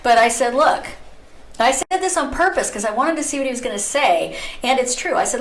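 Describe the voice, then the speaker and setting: A middle-aged woman hosting a talk radio show, telling a story in a lively, chatty way and often breaking into laughter. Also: a little high, a little fast, slight background noise. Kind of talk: casual talk radio monologue. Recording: roomy echo.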